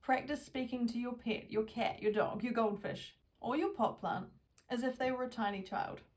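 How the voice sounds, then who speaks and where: Gentle, reassuring woman therapist. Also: fairly high pitch, far from the mic. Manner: gentle, slow, reassuring, repetitive affirmations. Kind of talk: guided self-help lesson.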